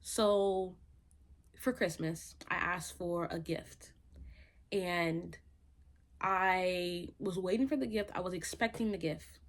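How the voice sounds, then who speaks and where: A woman sharing a personal faith testimony in a conversational, reflective way, with many fillers and restarts. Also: on the low side. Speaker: faith podcast host.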